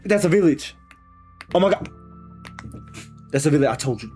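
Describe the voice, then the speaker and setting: A man live-streaming a game, reacting out loud in casual, slangy commentary and talking to himself and his viewers. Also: a little high, normal speed, soft background music. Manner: excitable, slangy, talks to himself and chat.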